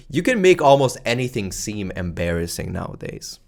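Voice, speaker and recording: Close to a camera-facing mic, a man with a lowish voice and vocal fry delivers a lively talking-head strategy lesson for video creators as a YouTube creator. His style is loud, playful, slangy, and casual, with excitement he deliberately exaggerates.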